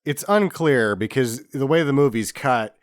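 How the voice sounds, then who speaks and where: A man's voice: mid-range voice, lively intonation, moderate pace, no room sound. A man co-hosting a casual movie-review podcast, making wry, profane jokes about plot holes. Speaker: podcast co-host.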